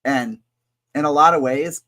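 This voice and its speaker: A man's voice: fairly high pitch, unhurried, pushed and bright. A man co-hosting a casual album-review chat show, talking in an enthusiastic, rambling and crude way. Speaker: podcast co-host.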